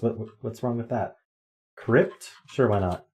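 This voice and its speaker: A man's voice: mid-range voice, a little slow, darkish tone. A man streaming live, chatting casually as he works through word games and thinks aloud with ums and guesses. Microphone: desk microphone.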